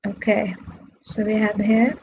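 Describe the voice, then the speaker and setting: A woman teaching an online English lesson, speaking slowly and deliberately and repeating words to model their stress. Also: medium pitch, level tone, darkish tone, dull audio, slight background noise.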